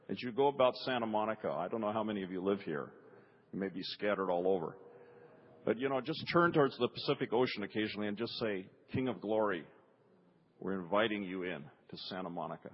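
A man's voice: fairly low pitch, slightly rough. A man leading a prayer meeting, encouraging the group and organizing the next speakers with casual hesitations. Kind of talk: preaching and hosting a prayer meeting. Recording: dull recording in a reverberant hall.

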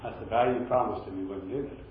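A man preaching a sermon in a relaxed, conversational way, telling a story and acting out what people said. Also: lowish voice, quick pace, distant mic, a little hiss or hum. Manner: conversational, retells with acted quotes. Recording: very echoey, dull-sounding room recording.

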